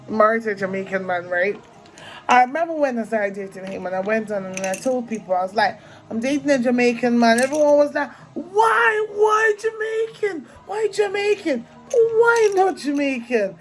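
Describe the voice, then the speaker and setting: A young African woman with an African accent and a slightly high voice chats casually and animatedly to her vlog viewers, laughing often. The recording is low quality.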